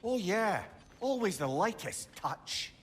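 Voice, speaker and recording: A man's voice: sits high, sing-song, takes it slowly, a bit bright, slight background noise, exaggerated voice. A man voicing a witty, chatty male talking head in a video game, teasing and fond of riddles and puns. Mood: playful. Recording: game audio with music behind.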